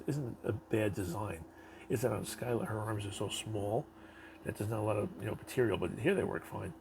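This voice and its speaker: A man's voice: on the low side, vocal fry, noisy background. A man hosting a casual toy review, rambling offhand and swearing now and then.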